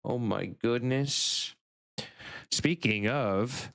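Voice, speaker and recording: A man's voice: mid-range voice, animated, slow, fairly bright tone. A man streaming live, chatting casually with his chat and cooing playfully over pet pictures in baby talk.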